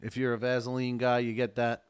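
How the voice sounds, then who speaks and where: Casting: young man, podcast co-host, rambling crude storyteller, mid-pitched. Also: completely flat delivery, a little fast, clean tone. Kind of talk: casual comedic chat.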